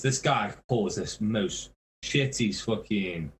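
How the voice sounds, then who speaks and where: A man's voice: on the low side, lively intonation, moderate pace, slight background noise, rough recording. A man, a guest musician, telling tour stories casually, swearing a lot and laughing mid-sentence. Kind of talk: casual storytelling.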